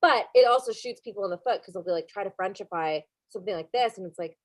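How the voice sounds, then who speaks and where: Woman podcast co-host, casual rambling recap delivery, medium pitch, dry booth sound. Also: quick pace, no room sound. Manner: rambling, self-correcting, lots of fillers. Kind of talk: casual chat recapping a cooking show.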